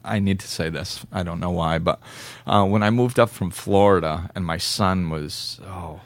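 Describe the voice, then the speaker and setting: A man from northern Massachusetts with a softened New England accent, hosting a casual podcast, relaxed and reflective and quick to laugh. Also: low-pitched, no room sound. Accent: New England, mostly softened. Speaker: podcast host.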